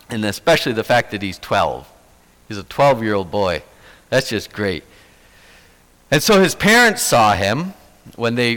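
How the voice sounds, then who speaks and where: A man's voice: mid-range voice, fairly bright tone. A man preaching a sermon, telling a story with animation and acting out the quoted lines. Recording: long hall reverb.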